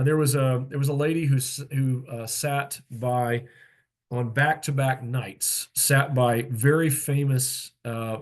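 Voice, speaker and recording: A man speaking as a pastor who mentors younger pastors, easygoing and plain-spoken. His talk wanders through fillers and quick asides, and his pitch sits at an ordinary middle level. It comes through a video call. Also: a little mellow. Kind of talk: conversational teaching talk.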